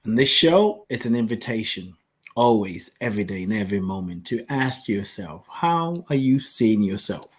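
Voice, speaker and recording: A man hosting a reflective self-help podcast, musing aloud playfully with chuckles between slow affirmations. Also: fairly low pitch, expressive, breathy edge. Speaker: podcast host.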